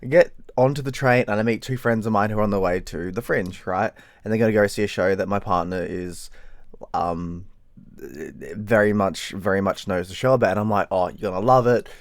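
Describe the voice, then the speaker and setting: A man's voice: normal speed, no room sound. A tired Australian man telling a rambling story in a casual vlog, swearing freely. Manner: rambling, swears freely, mimics people in high voices. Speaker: vlogger.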